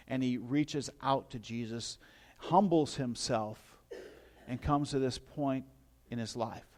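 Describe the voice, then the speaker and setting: A man's voice: mid-range voice, normal speed. A middle-aged male pastor preaching a sermon in a conversational storytelling way, with asides to his listeners.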